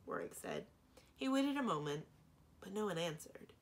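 A woman librarian giving an expressive children's book read-aloud. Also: sits low, brisk, creaky. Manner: expressive, animated reading.

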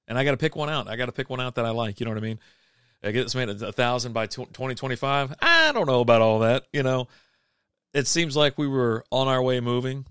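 A man's voice: medium pitch, a bit bright, clear, resonant tone, no room sound, clean studio sound. A middle-aged man hosting a casual beer livestream, chatting loosely and reading comments aloud, full of fillers and restarts. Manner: rambling, laid-back, lots of fillers and restarts. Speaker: livestream beer show host.

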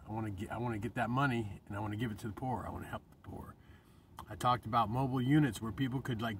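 A man's voice: mid-range voice, far from the mic, a little hiss or hum. A middle-aged man in an emotional monologue to camera, impassioned and rambling, swearing and restarting his sentences. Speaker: vlogger.

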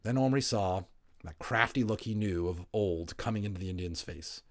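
A man narrating a children's novel aloud in an expressive, lively storytelling manner. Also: lowish voice, moderate pace. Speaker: audiobook reader.

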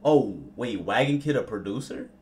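A young man streaming live as he reacts to rap songs, excitable and slangy, repeating himself. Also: medium pitch, moderate pace, slight background noise.

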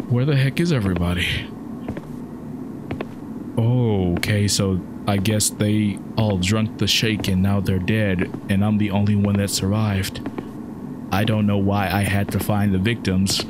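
A man's voice: on the low side, steady tone, measured pace, pauses often, noisy background. A man commentating as he plays a horror game, joking, then yelping and pleading at it in panic. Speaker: gaming channel host. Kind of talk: let's play commentary. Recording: loud game music behind. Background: game music.

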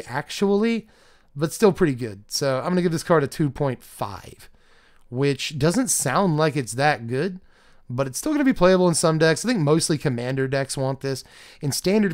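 A man with a strained voice hosting a card game channel, reading card text aloud and rating each card in a chatty, self-deprecating way. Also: on the high side. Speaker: card game channel host reviewing a set. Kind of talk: casual solo review talk.

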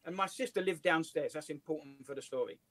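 English male comedian, high voice, animated storyteller, dry recording. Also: quick pace, no echo. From England. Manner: lively, laughs through his stories. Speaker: comedian and writer, guest. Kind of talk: casual anecdotal storytelling. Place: office.

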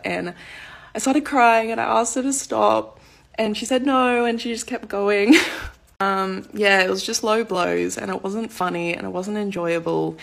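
A woman's voice: medium pitch, steady tone, a little slow, gravelly. A woman recounting a bad experience at a diner, sounding upset and casual. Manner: upset, casual with lots of fillers. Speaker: interviewed diner customer. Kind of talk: telling her experience.

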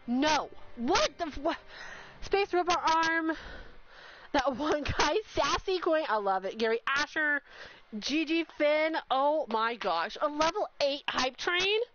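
High-voiced overwhelmed streamer woman. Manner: excited, overwhelmed, rapid exclamations. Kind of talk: live stream chat. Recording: slightly dull sound with faint noise.

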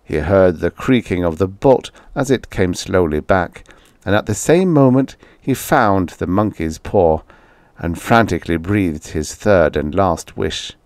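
A man narrating a vintage horror short story as an audiobook, in a slow and dramatic storytelling manner. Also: deep voice, animated, darkish tone, no echo.

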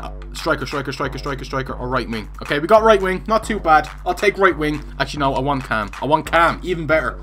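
Excitable young gamer, lively pitch. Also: male voice. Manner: excitable, swearing, laughing often. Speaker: gaming YouTuber. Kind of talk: casual gameplay commentary.

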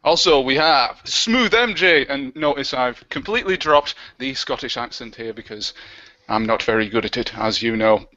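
A man hosting a live web show in an excitable, flustered, joking way, talking over a webcam on a video call. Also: medium pitch, normal speed, no room sound, muffled recording.

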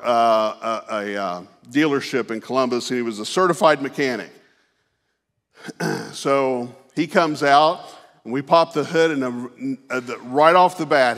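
A man preaching a conversational sermon in a church, telling a personal story in a folksy, unhurried way with many fillers and restarts. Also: medium pitch, a bit bright. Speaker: pastor. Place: church sanctuary. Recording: long reverb of a church hall.

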